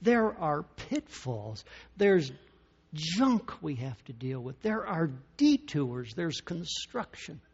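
Slow, dramatic preacher man. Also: on the high side, very animated, husky, dull audio. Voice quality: slow, dramatic delivery with big swings in loudness and long pauses. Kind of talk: sermon.

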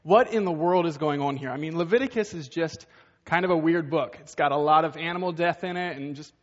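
A man's voice: a little high, a little fast. A man preaching a sermon in a conversational way, asking rhetorical questions and acting out the voices of the people he quotes. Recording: dull, echoey hall sound.

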